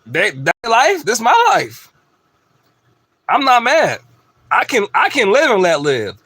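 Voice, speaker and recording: Male host, profane emphatic rant, slightly high pitch, dry recording. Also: wildly swooping pitch, unhurried, long pauses, sharp tone, breathy edge, no echo. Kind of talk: ranting monologue.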